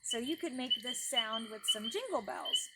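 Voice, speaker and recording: A woman's voice: fairly high pitch, sing-song, normal speed, very noisy. A woman leading a preschool storytime lesson outdoors by a garden pond, talking in a sing-song teacher voice to small children.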